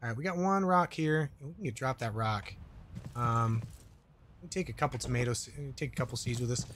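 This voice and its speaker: A man's voice: mid-range voice, normal speed, background noise. A man streaming a game, rambling and joking in casual commentary while reading chat aloud. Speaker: gaming streamer.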